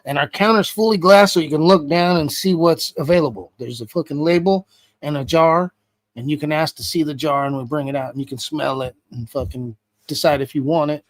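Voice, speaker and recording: This man, a guest in an interview, speaks briskly in a high-leaning voice, recorded without echo. He retells his story in a loose, animated way packed with profanity.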